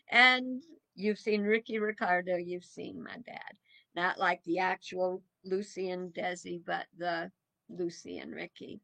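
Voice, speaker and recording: Slow, bright-voiced woman in her seventies. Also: lowish voice, steady tone, vocal fry. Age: 70s. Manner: folksy, musing, with chuckles. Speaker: minister. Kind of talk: reflective evening talk.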